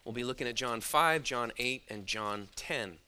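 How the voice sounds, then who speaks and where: A man's voice: mid-range voice, moderate pace, pushed and bright, clear, resonant tone. A man preaching a sermon, emphatic and drawing out his key words.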